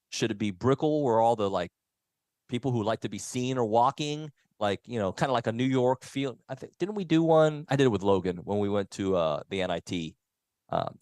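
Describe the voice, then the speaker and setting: A man's voice: on the low side, a little mellow, dry recording. A man hosting a sports radio show, chatting casually and reading listener texts and live ad copy. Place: radio studio.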